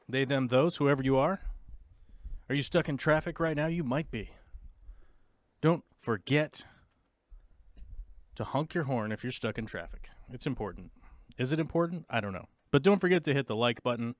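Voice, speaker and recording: A man's voice: mid-range voice, no echo, clean studio sound. A man hosting his own long-format podcast, opening with playful, rambling banter and joking asides. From United States. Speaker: podcast host. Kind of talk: goofy live-stream opening banter.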